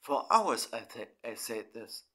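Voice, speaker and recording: A middle-aged German man speaking in halting, broken English. He talks through his feelings in a personal monologue and swears often. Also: mid-range voice, very animated, pushed and bright. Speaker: vlogger.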